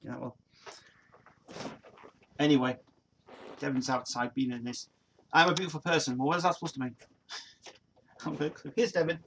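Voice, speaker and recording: A man's voice: mid-range voice, moderate pace, gravelly, pauses often, slight background noise. A man in his forties from Nottingham with an East Midlands accent, rambling through a casual livestream chat with lots of restarts and fillers. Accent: East Midlands English. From Nottingham, England. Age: 40s. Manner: rambling, many restarts and fillers, laughs often. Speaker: livestream host. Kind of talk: casual chat reading viewer comments.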